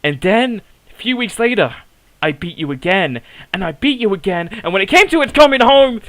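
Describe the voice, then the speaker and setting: A wrestler delivers a heated promo, blaming a rival with mounting bitterness. The pitch swings widely from low growls to high outbursts. The sound is dry and close, with no room around it. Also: lively intonation, normal speed, dry recording, rough recording. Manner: bitter, accusing, building to a shout.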